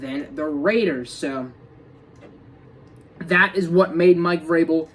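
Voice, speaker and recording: A man's voice: a little high, slight background noise. A young man talking casually about football, rambling with many restarts and fillers like dude and bro, sounding tired. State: tired, yawning. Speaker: sports fan vlogger. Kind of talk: casual sports talk.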